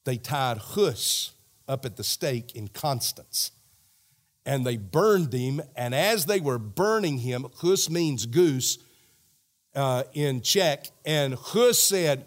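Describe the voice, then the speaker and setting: Brief: male preacher, animated storyteller, unhurried. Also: mid-range voice. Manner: animated storytelling, talks to the crowd directly. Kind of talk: sermon.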